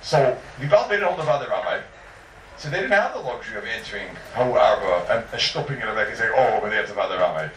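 A man giving a Talmud lecture in a lively, sing-song teaching manner, full of rhetorical questions. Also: on the low side, fast. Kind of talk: yeshiva-style Talmud lecture. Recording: echoey room heard from far off, faint noise.

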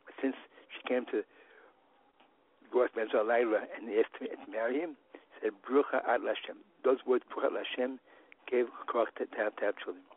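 A man giving a Torah lesson, halting and repeating himself with many restarts. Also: medium pitch, steady tone, husky. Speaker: religious teacher. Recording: phone-like line.

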